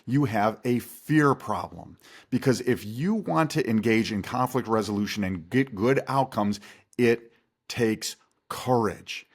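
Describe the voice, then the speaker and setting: A man who is a guest expert, giving calm, instructive answers in an interview. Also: medium pitch, husky. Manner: calm, instructive, steady delivery.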